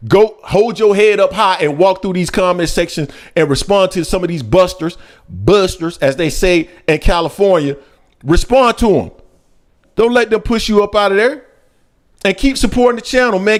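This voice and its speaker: A man with hosts a live boxing stream from his basement. He jumps from heated, high-pitched rants down to low asides. His pitch swings widely as he argues and reads comments. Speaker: host of a boxing channel. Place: home basement.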